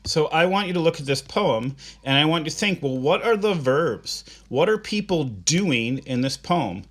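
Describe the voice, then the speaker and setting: A man's voice: on the high side, expressive, normal speed. A male teacher giving an online class, patiently asking students simple questions and reading short poems aloud. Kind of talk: recorded online class instruction.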